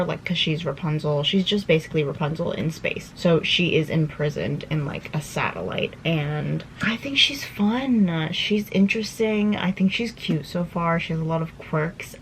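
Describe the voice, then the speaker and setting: A woman's voice: low voice, slight background noise, low-quality recording. A young woman vlogging casually about her reading, chatty and rambling with lots of fillers, at home. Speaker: book vlogger. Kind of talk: casual vlog chat.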